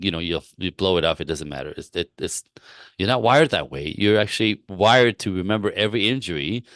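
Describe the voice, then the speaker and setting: A man working as a relationship coach, giving advice in a live-stream Q&A with animated, rambling storytelling and frequent laughs. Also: low voice, no room sound, clean studio sound.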